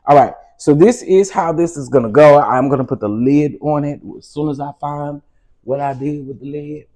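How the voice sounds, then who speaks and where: A cooking show host with a Southern American accent runs a casual stream in his home kitchen at a moderate pace. His voice sits on the high side and sounds a little mellow as he chats, calling everyone "baby" and "y'all".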